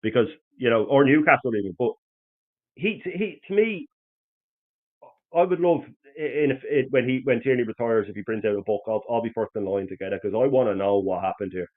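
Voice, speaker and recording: A man with an Irish accent hosting a casual football chat, rambling and animated, with lots of restarts. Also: mid-range voice, brisk. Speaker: host. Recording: tinny phone-like line.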